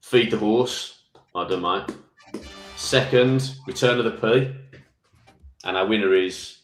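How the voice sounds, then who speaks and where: A man's voice: on the low side, slow pace, roomy sound, soft background music. A man with a Birmingham accent co-hosting a football phone-in live stream, reading out quiz questions twice in a chatty way. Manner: reads each question twice, chatty with frequent "mate".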